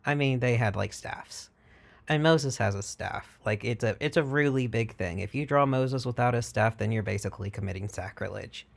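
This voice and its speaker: A man's voice: medium pitch, normal speed, creaky. A man vlogging in a casual, irreverent and profane way, retelling stories and slipping into mock voices. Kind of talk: casual chat.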